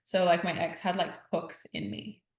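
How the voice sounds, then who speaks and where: A woman's voice: lowish voice, animated, normal speed, reverberant. A woman talking as a podcast guest in casual conversation, chatty and full of "like", retelling what others said. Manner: chatty, heavy use of "like", retells others' words. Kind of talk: casual interview chat.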